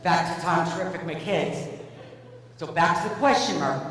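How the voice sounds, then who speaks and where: A woman's voice: fairly low pitch, normal speed, fairly bright tone. A middle-aged woman giving a humorous motivational keynote, with playful, self-mocking storytelling and acted-out dialogue, in a large conference hall. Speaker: keynote speaker. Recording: echoey hall, distant mic, faint hum.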